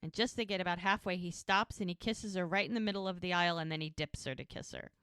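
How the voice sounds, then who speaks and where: A woman's voice: fairly low pitch, fast talker, a bit bright, clear, resonant tone, dry recording, studio quality. A woman co-hosting a podcast, casually retelling a TV episode scene by scene, acting out the characters' lines and laughing often. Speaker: podcast co-host recapping a TV episode. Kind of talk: casual chat.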